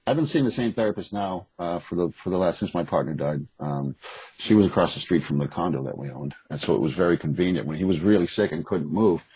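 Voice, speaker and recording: A man's voice: low-pitched, fast, dark tone, breathy edge, low-quality recording. A man speaking as a guest in an interview, talking candidly and rambling with restarts. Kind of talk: casual interview conversation. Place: West Coast.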